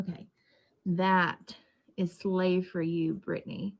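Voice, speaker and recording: A woman's voice: lowish voice, flat delivery, measured pace. A woman in a played clip, giving a mock lesson in a coaxing, teacherly way.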